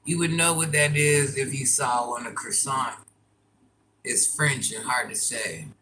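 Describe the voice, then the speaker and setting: An older woman chatting casually on a live stream, laughing often and breaking into loud exclamations. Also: a bass voice, steady tone, measured pace, slight background noise, low-quality recording. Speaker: livestreamer.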